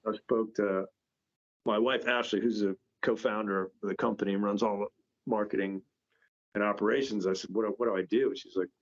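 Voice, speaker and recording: A company founder appears as a podcast guest, telling stories casually in a rambling, stop-start manner full of restarts. His voice is fairly low and flat at normal speed, and the podcast audio is dull and lo-fi.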